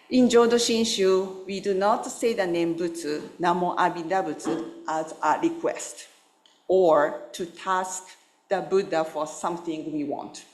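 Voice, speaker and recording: A woman Buddhist minister giving a gentle, unhurried dharma talk, telling a story with pauses and small fillers. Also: lowish voice. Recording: roomy hall sound.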